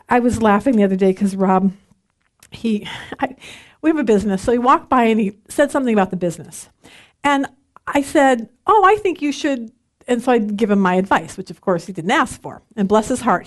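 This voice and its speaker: A woman's voice: on the high side, darkish tone. A middle-aged woman teaching a women's Bible study in a chatty, self-deprecating way, laughing often.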